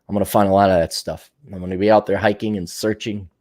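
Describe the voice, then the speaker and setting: A man's voice: deep voice, flat delivery, fast, a little mellow. A man hosting his podcast alone, rambling and musing aloud in a sardonic way, slipping into little voices for his own thoughts. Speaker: podcast host. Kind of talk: rambling solo monologue.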